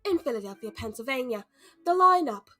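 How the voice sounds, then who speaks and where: A woman co-hosting a wrestling podcast, reading out event details in a measured, list-like way. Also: on the high side, animated, sharp tone. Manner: reads announcements in a measured, list-like way. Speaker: co-host.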